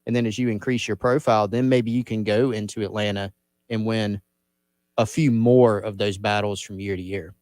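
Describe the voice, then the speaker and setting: A man's voice: lowish voice, fairly even intonation, normal speed, darkish tone, dry recording. A man on sports radio analyzing college football recruiting, thinking aloud and repeating words as he starts his points. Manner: thoughtful, repeats words when starting a thought.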